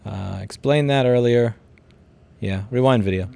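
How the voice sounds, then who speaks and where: A man's voice: mid-range voice, measured pace, vocal fry, dark tone, smooth. A man in his thirties with a New York accent, hosting a casual livestream. He reads out viewer comments and answers them bluntly, sometimes with profanity, rambling and restarting his sentences. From Queens, New York City. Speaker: livestream host.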